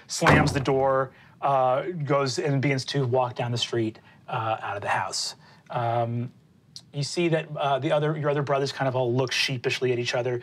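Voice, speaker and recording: Casual profane game master. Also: male voice, medium pitch, fairly even intonation, moderate pace, a bit bright, a little hiss or hum. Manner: casual, profane, filler-heavy. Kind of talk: narrating a tabletop game. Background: music.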